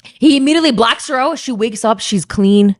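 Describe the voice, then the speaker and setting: A woman's voice: a little high, lively intonation, fairly quick, dry recording. A woman co-hosting a podcast, recapping a book in casual chat and acting out characters' lines in different voices. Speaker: podcast co-host.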